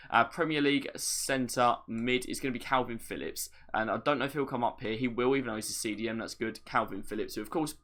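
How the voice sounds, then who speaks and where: Fairly quick and with few pauses, a young man speaks in a medium-pitched, fairly bright voice. He's a gaming creator doing a casual walkthrough tutorial, explaining each move plainly and mixing in light self-deprecating asides.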